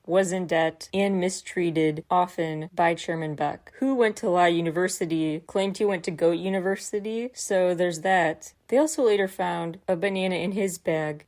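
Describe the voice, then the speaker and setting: A woman hosting a podcast, recapping a mystery episode in a chatty way with wry asides. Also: on the low side. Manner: chatty, wry asides, quotes lines in animated voices. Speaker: podcast host. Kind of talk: recapping a K-pop variety episode.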